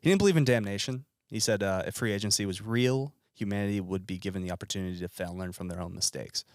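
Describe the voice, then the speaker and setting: A man's voice: on the low side, fast talker, no echo. A man hosting a casual history podcast, reading out facts from his notes with dry asides. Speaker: podcast host presenting the history.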